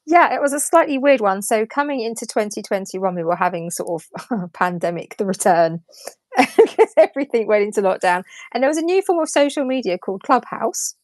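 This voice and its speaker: A woman's voice: a little high, expressive, a little fast, dry recording. Chatty woman, dry sound. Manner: chatty storyteller who laughs often. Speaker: co-host. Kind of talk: casual livestream chat. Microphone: phone.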